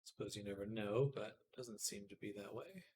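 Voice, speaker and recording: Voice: low-pitched, normal speed, a little mellow, a little hiss or hum. Streamer muttering while working. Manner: mutters to self while working, chatty with viewers.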